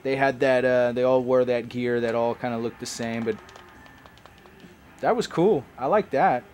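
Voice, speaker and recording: A man's voice: mid-range voice, moderate pace, a little mellow, a little hiss or hum. A man giving casual, rambling commentary as he plays a game, chatting like a longtime fan. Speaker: let's play host.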